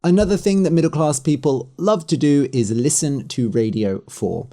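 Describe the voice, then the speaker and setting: A man's voice: on the high side, normal speed, dark tone. A man from the West Country with a Southern Standard British English accent. He hosts a podcast, explaining things to English learners in a chatty, frank way with many fillers. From West Country, England. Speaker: podcast host.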